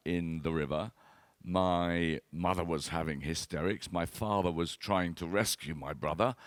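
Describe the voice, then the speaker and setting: A man in his later years, a wine expert telling self-deprecating comic stories to an audience, halting and repeating words, with plenty of fillers. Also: low-pitched, no room sound. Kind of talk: anecdotal talk to an audience.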